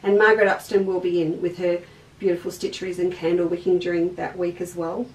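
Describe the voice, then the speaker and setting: A woman's voice: lowish voice, little pitch movement, a little fast, distant mic. Chatty Australian woman hosting a sewing class. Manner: chatty, rambling, talks to viewers by name. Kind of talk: casual livestream craft class. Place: indoor craft studio. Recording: echoey room, voice off-mic.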